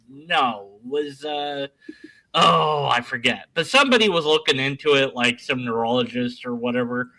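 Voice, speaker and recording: Goofy bright-voiced rambling man. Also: medium pitch, a little hiss or hum, rough recording. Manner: goofy, self-deprecating, rambling with restarts. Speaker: YouTuber and panel guest. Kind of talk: casual rambling panel talk. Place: home, sitting at his desk.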